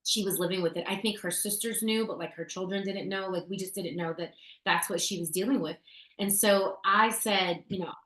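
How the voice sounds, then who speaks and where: Here a woman with a mid-range, slightly bright voice talks briskly and with fairly even intonation. Co-hosting a casual show, she tells a chatty story about essential oil tips with fillers and restarts, recorded in an echoey room.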